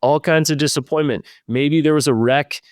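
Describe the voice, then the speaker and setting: A man's voice: a little high, steady tone, normal speed, dry recording, clean studio sound. A man hosting a leadership podcast, talking in an earnest, reflective way and speaking straight to his listeners. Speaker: podcast host.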